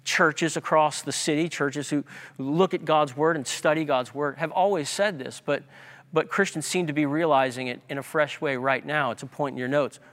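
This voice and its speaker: Male pastor, sermon, emphatic, repeats key words, fairly high voice, long hall reverb. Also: fairly even intonation, normal speed, fairly bright tone.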